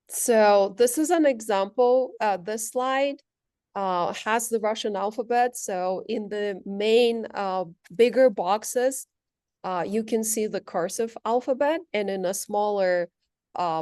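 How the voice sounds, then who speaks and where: A woman language instructor giving a measured, explanatory presentation, walking through her slides with frequent pauses. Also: mid-range voice, darkish tone, no echo, studio quality.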